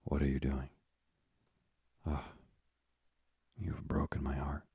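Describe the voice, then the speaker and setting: A man's voice: rumbling low, completely flat delivery, slow pace, vocal fry, warm tone, husky, no room sound, clean studio sound, full character voice. A man voicing an earnest young sailor speaking to his father in an audiobook, urgent and eager.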